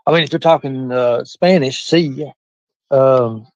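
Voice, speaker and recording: A man's voice: medium pitch, measured pace, dry recording, dull audio. A man with a Southern US hillbilly accent, rambling and swearing freely on a casual livestream while he reads chat aloud. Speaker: livestream host.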